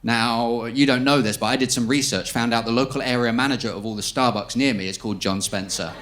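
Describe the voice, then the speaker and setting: A man's voice: mid-range voice, steady tone, brisk, background noise. A man doing a stand-up set, chatty, with conspiratorial asides to the audience. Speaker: stand-up comedian.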